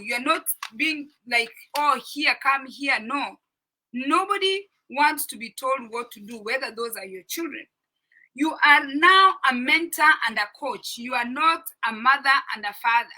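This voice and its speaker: Bright-voiced middle-aged woman giving earnest advice. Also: fairly high pitch, poor audio. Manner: earnest and instructive, repeats points, checks in with listeners. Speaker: parenting talk host. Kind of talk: informal talk discussing a parenting book.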